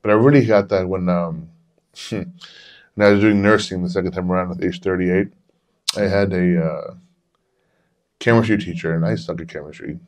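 A man's voice: deep voice, steady tone, normal speed, pauses often. A man in his forties hosting a podcast, who tells candid, rambling personal stories and swears freely. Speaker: podcast host. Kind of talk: casual storytelling chat.

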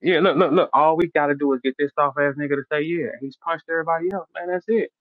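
A brash middle-aged man hosting, throwing out repetitive trash talk in a slightly high voice. The recording is dull and lo-fi, with a dry, close sound. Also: fast, no room sound. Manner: brash, repetitive, calling out a rival. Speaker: host. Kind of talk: animated trash talk in a casual interview.

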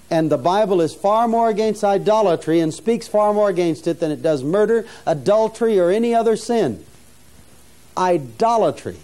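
An older man, a mission founder, delivers an earnest, preacherly sermon-style teaching talk to students, often restarting phrases and rising in intensity to stress key points. His voice sits high with a dark tone.

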